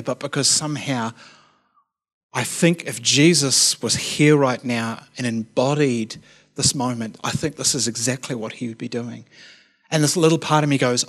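A youth worker tells a story during a sermon in a medium-pitched voice at a moderate pace. He's chatty and casual, often tossing in "you know what I mean," and at serious moments he drops to a quiet, earnest tone.

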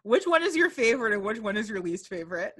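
Animated young woman in casual chat. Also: medium pitch, fast talker, husky. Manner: animated, profane, acts out voices of characters. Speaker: podcast co-host. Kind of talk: casual chat about a book.

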